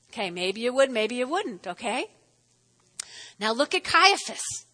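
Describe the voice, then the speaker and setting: A woman pastor preaching with a high, bright voice that rings through a large hall with a long echo. She is playful and exclamatory, tossing in chatty asides. It sounds like a lively church sermon. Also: moderate pace.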